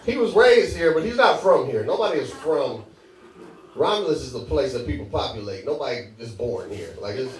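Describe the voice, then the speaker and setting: A man's voice: medium pitch, animated, brisk, background noise. A young man performing a loose, conversational stand-up set who laughs at his own jokes. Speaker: stand-up comedian. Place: comedy club stage. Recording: echoey live room, mic heard from a distance, crowd laughing. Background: audience laughter.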